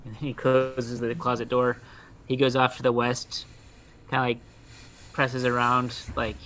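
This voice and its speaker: A man's voice: mid-range voice, level tone, normal speed, background noise. Laid-back male game master. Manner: loose, filler-heavy narration. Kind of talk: narrating a tabletop game.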